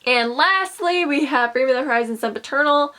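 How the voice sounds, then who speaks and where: A young woman chatting casually in a show-and-tell vlog, listing things with bursts of excitement. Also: high-pitched, a little fast, a little hiss or hum. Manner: chatty, enthusiastic, lists items with bursts of excitement. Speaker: vlogger.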